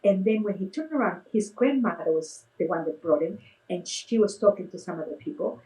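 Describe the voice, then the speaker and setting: The same kind of casual storytelling comes from a middle-aged woman, a clown and face painter, talking a little fast at medium pitch. Quotes get acted out animatedly in a raised voice over a rough recording.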